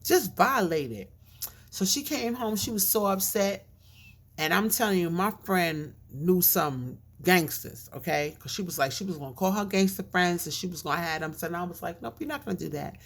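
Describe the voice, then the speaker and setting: A woman's voice: on the low side, normal speed. A woman vlogger telling a casual story with lots of fillers and asides, her speech a bit mushy from a chain in her mouth.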